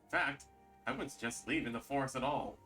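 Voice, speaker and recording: A man voicing a blunt, gruff rustic hunter chief who talks in a folksy, colloquial way. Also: mid-range voice, fairly quick, pushed and bright, soft background music, natural voice.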